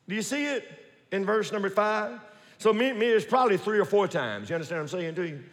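A man preaching a sermon in a church, animated and folksy, with joking asides to the congregation. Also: sits high, fast talker, big-room sound. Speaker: pastor.

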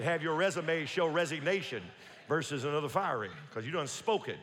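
A man's voice: a little high, expressive, a bit bright. A man preaching a sermon in a church, emphatic and repetitive, firing rhetorical questions and leading the congregation to repeat lines after him. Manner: emphatic, repetitive, leads the congregation in call-and-response; quick rhetorical questions and restarts. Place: church sanctuary. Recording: reverberant church hall.

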